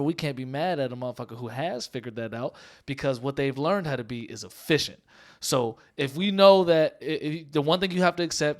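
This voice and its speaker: A man who is a comedian and podcast host, giving animated, preachy and profane opinions in a casual debate. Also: medium pitch, clear, resonant tone.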